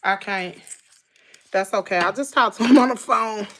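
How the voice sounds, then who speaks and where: A woman's voice: mid-range voice, moderate pace, a bit bright, slight background noise. A middle-aged woman with a Southern US accent, chatting casually with viewers on her livestream in a folksy way. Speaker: livestream host.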